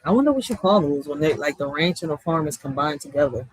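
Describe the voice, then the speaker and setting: A man's voice: fairly high pitch, lively intonation, fast, husky, no echo, rough recording. A young man, chatting casually and rambling with slang and frequent laughs as he answers his chat. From US East Coast. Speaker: streamer responding to chat.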